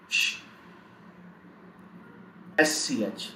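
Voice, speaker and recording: A man teaching a live online German pronunciation lesson, spelling out letters and repeating sounds in slow drills. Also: a little high, fairly bright tone. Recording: echoey room with faint background noise.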